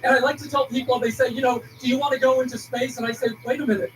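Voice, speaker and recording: Male correspondent, reflective and emotional, very high voice, distant noisy capture. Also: level tone, rapid-fire. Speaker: news correspondent. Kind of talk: live news report. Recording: TV audio taped from a distance, noisy.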